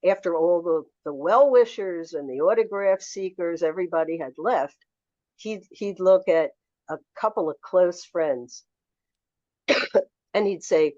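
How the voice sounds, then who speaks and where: A woman in her seventies, a memoir author telling lively anecdotes as a guest in a podcast interview. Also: on the low side, measured pace, dry recording, dull audio. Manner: animated anecdotal storyteller.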